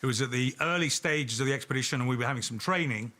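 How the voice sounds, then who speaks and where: Bright-voiced man from London telling a story. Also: medium pitch, fast. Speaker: audience member telling a story. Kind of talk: telling an anecdote.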